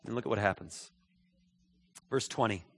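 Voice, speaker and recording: A man's voice: fairly low pitch, normal speed. A male pastor preaching a sermon in a church, talking conversationally and repeating phrases as he checks in with his listeners. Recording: echoey hall.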